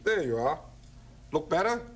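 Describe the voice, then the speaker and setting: A man's voice: fairly high pitch, very animated, normal speed. A man hosting a cooking show, joking and chatting playfully while he demonstrates. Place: studio kitchen. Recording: kitchen clatter and chopping noise.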